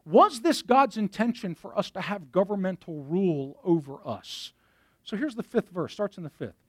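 A man preaches to his congregation in a lively, swooping voice that sits high for a man. He talks them through scripture and reads verses aloud. The sound is dry and close. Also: normal speed, dry recording. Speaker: pastor. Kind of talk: sermon.

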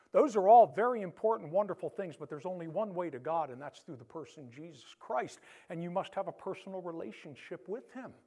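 High-voiced male pastor preaching. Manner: animated preaching, swinging between loud emphasis and soft hush. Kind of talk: sermon.

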